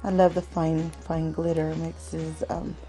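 A woman hosting a craft swap unboxing vlog at home, talking slowly and gently and calling viewers "love" again and again. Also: deep voice, level tone, faint music behind, low-quality recording. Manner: slow, gentle, calls viewers "love" often.

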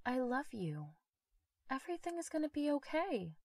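A woman reading a horror story, voicing the ghost of a young boy in a soft, high, childlike voice. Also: very animated, normal speed, no room sound, studio quality. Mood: plaintive.

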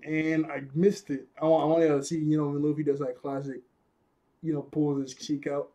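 A man's voice: fairly high pitch, little pitch movement, moderate pace, dark tone, dull audio. A young man casually recapping an anime episode, rambling, laughing often and restarting his sentences. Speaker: anime reviewer.

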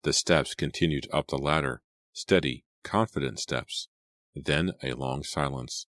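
Very deep-voiced man reading horror. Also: fairly bright tone, dry recording, clean studio sound. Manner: measured, suspenseful reading. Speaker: audiobook narrator. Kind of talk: scripted horror audiobook narration.

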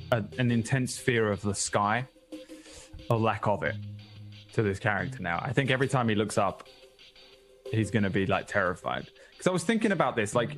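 A man's voice: lowish voice, a bit bright. A man chatting as a player in a tabletop game, rambling, swearing casually and laughing often. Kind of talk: casual actual-play chat.

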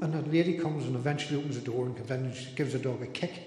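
A man's voice: mid-range voice, dark tone. A man with a Northern Irish accent hosting a carol sing-along, telling jokes and stories in a chatty way and laughing along. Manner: chatty storyteller, quick to laugh. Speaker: carol service host. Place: church hall. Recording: very echoey hall, faint music.

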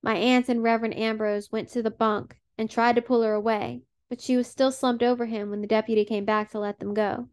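A woman narrating an audiobook in a measured, plain reading. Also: fairly high pitch, flat delivery, a little mellow, clean tone.

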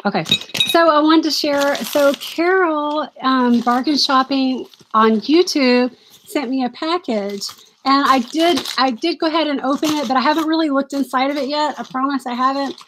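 A woman's voice: high-pitched, moderate pace, fairly bright tone, slight background noise. A woman hosting a casual live stream, chatty, apologetic and easily distracted, gushing over items she is shown.

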